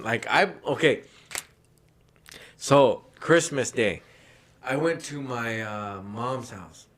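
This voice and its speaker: A man's voice: mid-range voice, fairly bright tone. A man hosting a podcast, telling a story in loose, profane, rambling casual chat. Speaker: podcast host.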